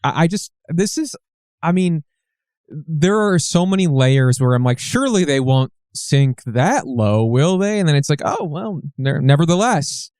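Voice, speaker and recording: Podcast cohost, slightly higher smooth voice, dry sound, jokey and sarcastic. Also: male voice, animated, unhurried, darkish tone, dry recording. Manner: wry, self-mocking, swears. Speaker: podcast co-host. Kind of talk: casual podcast chat.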